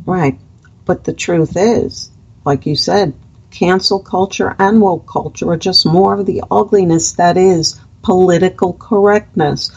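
A woman's voice: lowish voice, a little slow, creaky, a little mellow, husky, dull audio. A woman from the United States reading long prepared political commentary as a guest, with a sarcastic edge.

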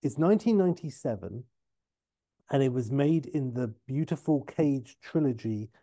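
Chatty man with a mellow voice. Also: mid-range voice, expressive, normal speed. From England. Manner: rambling, chatty, restarts and asides. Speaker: podcast co-host. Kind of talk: casual podcast chat.

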